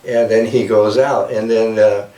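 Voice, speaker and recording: A man telling a folk tale in a casual, halting way, with many fillers, recorded with a roomy sound from a distance. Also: lowish voice, flat delivery, dark tone. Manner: halting, lots of "you know" and "like that". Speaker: storyteller. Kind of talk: casual oral storytelling.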